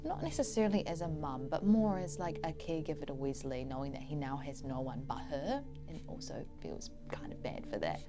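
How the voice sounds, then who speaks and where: Low-voiced woman narrating her character. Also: lively intonation, a little fast, hardly any pauses, music in the background. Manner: rambling, casual, thinking aloud. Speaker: player. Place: studio.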